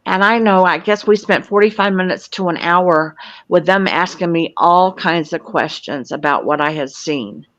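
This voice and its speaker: A Florida woman in her sixties, a guest who works as a UFO field investigator, recounts a personal experience in an earnest, matter-of-fact way. Her voice sits fairly low and slightly bright, at a moderate pace. The recording is dull, lo-fi and dry, with no echo.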